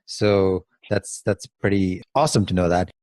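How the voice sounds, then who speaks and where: A man's voice: low-pitched, steady tone, normal speed, darkish tone, dry recording. A man hosting a podcast interview, enthusiastic and stumbling over restarts as he asks questions. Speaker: podcast host. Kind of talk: interview conversation.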